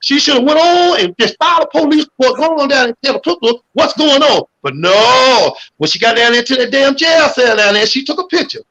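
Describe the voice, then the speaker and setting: A man calling in to a livestream chat, talking in an animated, preachy way and swearing freely. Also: very high voice, brisk, few pauses, poor audio. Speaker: guest caller.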